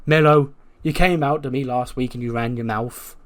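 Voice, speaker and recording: A man voicing a gruff male wrestler who insults a younger rival. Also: mid-range voice, steady tone, normal speed, fairly bright tone, natural voice. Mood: contemptuous. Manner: contemptuous.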